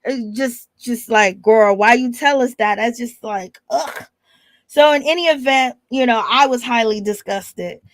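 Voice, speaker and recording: A young American woman chats through a reality-show recap in a gossipy, filler-heavy way. Her voice sits fairly high for a woman. The sound is dry and close, with no room around it. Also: moderate pace, few pauses, no room sound. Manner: chatty, gossipy, lots of filler phrases. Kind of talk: casual recap commentary.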